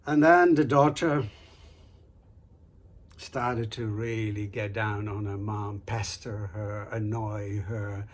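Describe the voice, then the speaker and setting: Slow-paced male storyteller. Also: fairly low pitch, steady tone. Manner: unhurried, conversational storytelling with fillers. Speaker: storyteller host. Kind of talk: oral folk-tale telling.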